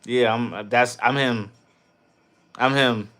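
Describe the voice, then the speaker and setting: A man hosting a casual livestream, reading chat and riffing loudly with profane jokes, from New York. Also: mid-range voice, fairly even intonation, slow pace. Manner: loud, profane, laughing riffs.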